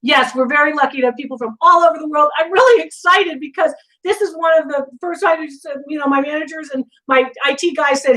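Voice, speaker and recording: A middle-aged woman hosting a live antiques Q&A, chatting casually and telling animated stories full of asides. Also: high voice, a little fast, low-quality recording. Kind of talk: casual live-stream chat.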